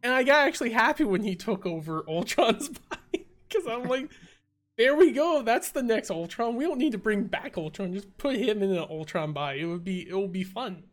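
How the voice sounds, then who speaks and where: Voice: mid-range voice, lively intonation, fairly quick. A podcast co-host in casual chat, rambling and amused. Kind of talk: casual chat reviewing a show.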